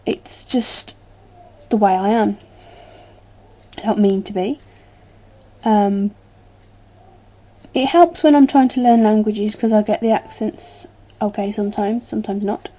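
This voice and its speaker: A woman's voice: mid-range voice, unhurried, long pauses, mellow, lo-fi sound. A woman with a British English accent chatting casually to camera as a vlogger, rambling a little with plenty of ums.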